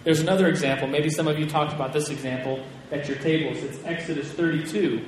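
A man's voice: fairly high pitch, fast talker. Man teaching in an echoey hall. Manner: chatty, animated storyteller with frequent restarts. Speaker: Bible class teacher. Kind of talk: casual teaching to a group. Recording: echoey hall with long reverb, faint room noise.

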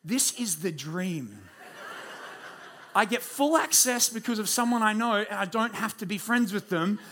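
A man in his late twenties, a pastor telling a story in a sermon, animated and self-deprecating, speaking in a church room. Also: sits high, measured pace, a little hiss or hum. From Australia.

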